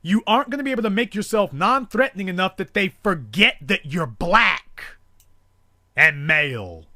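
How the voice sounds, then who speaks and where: Impassioned talk-show host, high and lively. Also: male voice, normal speed, dry recording, studio quality. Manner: forceful, rhetorical, repetitive emphasis. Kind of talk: impassioned call-in show monologue.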